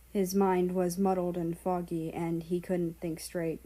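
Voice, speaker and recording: A woman narrates a story aloud in a calm, measured way. Her voice is low, dark and mellow, and she takes her time over every line. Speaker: fan fiction reader. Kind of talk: audiobook narration.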